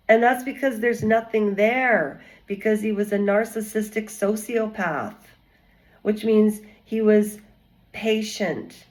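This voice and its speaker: A woman talks through a casual commentary vlog in a mid-pitched voice. She speaks slowly and rambles, drifting from one point to the next with a chatty, digressive manner. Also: poor audio. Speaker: vlogger.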